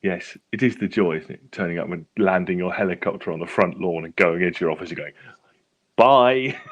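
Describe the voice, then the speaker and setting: A man's voice: deep voice, fairly even intonation, fairly quick. A British man co-hosting a casual chat show who laughs a lot and tells anecdotes. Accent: British English. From England. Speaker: podcast co-host.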